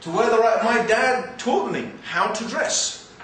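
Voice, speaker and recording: A man's voice: very high voice, measured pace, a little hiss or hum. English man lecturing in an echoey hall. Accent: English, mixed with East London. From England. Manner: animated, joking, conversational. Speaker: Islamic speaker. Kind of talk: religious lecture to an audience. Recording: very echoey hall, mic far off.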